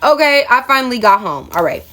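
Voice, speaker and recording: A young adult woman shares a personal story in a casual vlog, chatty and laughing at herself, frequently calling her viewers "y'all." Her voice is fairly high, very animated, brisk, pushed and bright.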